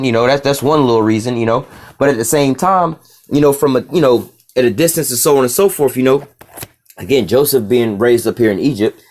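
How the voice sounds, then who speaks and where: A man's voice: mid-range voice, darkish tone. A man teaching from the Bible in a loose, casual way, often saying "you know" and "all right".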